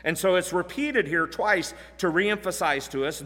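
A man's voice: high voice, moderate pace, hardly any pauses, fairly bright tone, in a large hall. A man preaching an expository sermon, earnest and emphatic, often repeating key phrases. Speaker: pastor.

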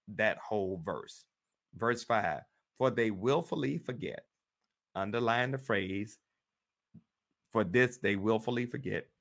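A man leads a Bible study as pastor, his voice sitting somewhat low. He reads scripture slowly and with emphasis, in an earnest preacher's cadence. The recording is dry, with no room sound. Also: fairly bright tone, dry recording.

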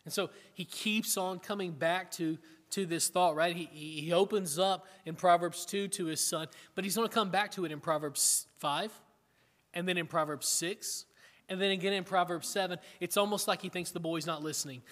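A man's voice: high voice, moderate pace, a bit bright. Preaching man in an echoing hall. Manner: earnest, conversational preaching with rhetorical questions. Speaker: pastor. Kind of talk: sermon. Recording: long hall reverb.

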